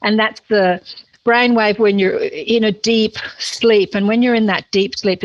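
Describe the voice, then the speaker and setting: A middle-aged woman with an Australian accent, a chatty, animated guest who laughs easily and explains things at length in a casual interview. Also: on the low side, no echo, lo-fi sound. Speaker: guest, spiritual teacher and podcaster.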